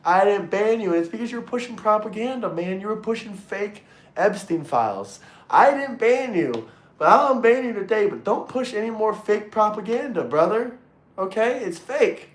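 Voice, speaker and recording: A man hosting a casual livestream and talking to his chat, excitable, swearing freely and repeating himself. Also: sits high, moderate pace. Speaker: livestream host reading chat. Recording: roomy echo.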